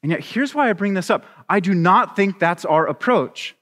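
A man preaching a sermon as a pastor, animated and acting out little scenes with voices. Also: sits high, normal speed, big-room sound.

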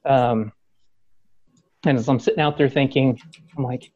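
A man's voice: unhurried, dull audio. A man hosting a podcast, telling a fan story in casual chat, acting out quotes, laughing and swearing. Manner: animated, acts out quotes with rising pitch, swears, laughs. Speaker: podcast host.

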